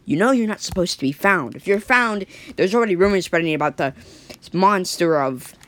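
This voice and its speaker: A woman's voice: lowish voice, expressive, brisk, a bit bright. A woman voicing a tyrannical male supreme leader who scolds his pet. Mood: scolding. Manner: scolding, bossy.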